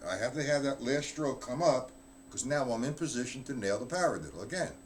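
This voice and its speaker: A man's voice: mid-range voice, lively intonation, fairly quick, a little hiss or hum. Blunt man teaching drum rudiments. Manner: blunt, offhand, counts stickings aloud. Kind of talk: live online drum lesson.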